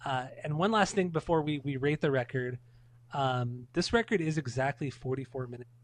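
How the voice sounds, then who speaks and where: A man's voice: mid-range voice, moderate pace. A man co-hosting a casual music podcast, upbeat, steering the segment and swearing casually. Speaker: podcast co-host.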